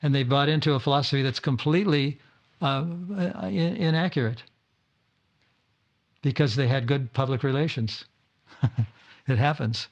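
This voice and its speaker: A man's voice: medium pitch, moderate pace, pauses often, muffled recording. An older man giving an informal talk to his disciples at a home gathering, often stumbling, repeating words and restarting sentences. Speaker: spiritual teacher.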